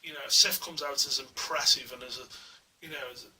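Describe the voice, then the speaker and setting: A man's voice: mid-range voice, steady tone, normal speed, bright, forceful tone. A man at home reviewing a collectible statue in a casual, enthusiastic, rambling way, full of fillers, recorded on a small camera mic. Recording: distant mic with faint hiss.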